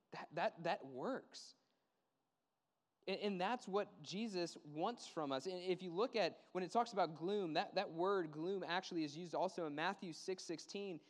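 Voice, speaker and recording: A man preaching a sermon, earnest and emphatic, repeating words and dropping low and quiet to stress a point. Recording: long hall reverb.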